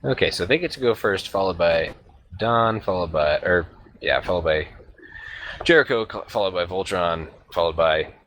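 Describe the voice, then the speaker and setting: Deep-voiced hesitant man as game master. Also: animated, moderate pace, fairly bright tone, a little hiss or hum. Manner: hesitant, filler-heavy, chuckling. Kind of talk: narrating a tabletop game.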